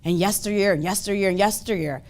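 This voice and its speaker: A woman's voice: mid-range voice, fast, darkish tone. A woman preaching, telling a parable and reflecting aloud, repeating phrases. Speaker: speaker at a ministry service. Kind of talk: sermon with storytelling.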